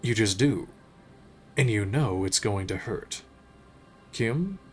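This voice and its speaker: A man streaming a game, reading its narration aloud in a measured, unhurried way with occasional slips. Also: on the low side, slight background noise.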